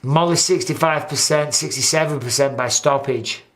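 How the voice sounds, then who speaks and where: A middle-aged man hosts a loose, chatty show. He swears freely and acts out what people said to him, and his voice sits a little high for a man. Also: normal speed. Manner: animated, swearing, acts out quotes. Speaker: host. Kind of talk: casual chat.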